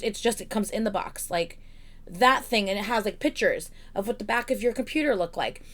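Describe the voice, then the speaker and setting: A young woman streaming from home in casual chat, swearing freely and ranting in a rambling, exasperated way. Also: fairly high pitch.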